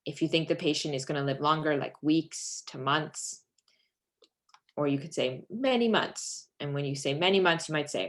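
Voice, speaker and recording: A woman's voice: deep voice, moderate pace. A woman trainer giving a live lesson on palliative care communication, patiently explaining step by step and modeling example phrases. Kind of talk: live teaching session.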